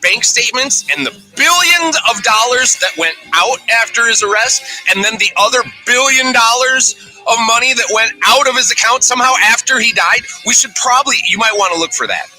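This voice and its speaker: A man's voice: very high-pitched, fairly quick, pushed and bright, soft background music, rough recording. A man ranting about politics with constant swearing, often mocking others in quoted voices. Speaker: commentator in a played clip. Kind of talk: profane rant to camera.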